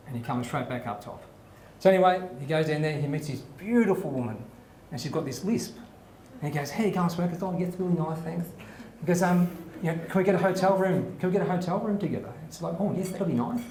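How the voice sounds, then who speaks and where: A man's voice: on the high side, quick pace, darkish tone, a little hiss or hum. A man hosting a live comedy show, telling jokes and laughing along. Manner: chatty, laughs at his own jokes. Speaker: host. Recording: echoey room, faint ambience.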